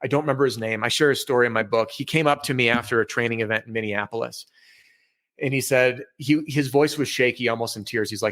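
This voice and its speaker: An energetic man talks candidly, swinging into stories with real feeling. His voice sits in an ordinary middle pitch. He is a sales trainer speaking as a guest over a call from his home office. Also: quick pace. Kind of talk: casual podcast interview.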